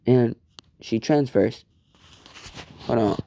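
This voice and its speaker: A man improvising a fan story out loud, rambling, swearing and correcting himself as he goes. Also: medium pitch, slow pace, creaky, a little hiss or hum.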